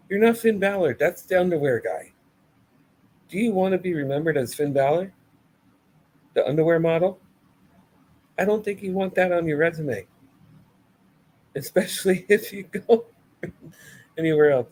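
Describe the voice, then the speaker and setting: A man's voice: on the high side, lively intonation, normal speed, pauses often, darkish tone, poor audio. A man giving a casual, blunt and sarcastic review of a wrestling show, full of swearing.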